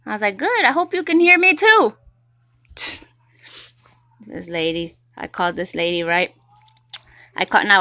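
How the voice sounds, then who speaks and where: A young woman with a creaky, medium-pitched voice hosts a casual solo podcast. She rambles, laughs often, and shouts out catchphrases.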